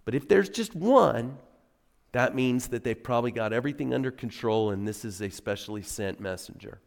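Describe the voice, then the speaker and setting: Gravelly-voiced pastor preaching in a hall. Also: male voice, medium pitch, normal speed. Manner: conversational storytelling, animated emphasis. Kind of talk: sermon. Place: church sanctuary. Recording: long reverb of a church hall.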